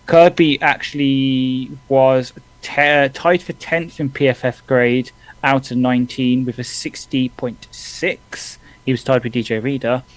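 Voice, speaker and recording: A man's voice: mid-range voice, level tone, low-quality recording. A man co-hosting a live football watch-along, chatting casually and reading out player ratings. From England. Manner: quick, reads stats off in bursts. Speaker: podcast co-host. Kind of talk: casual live sports chat.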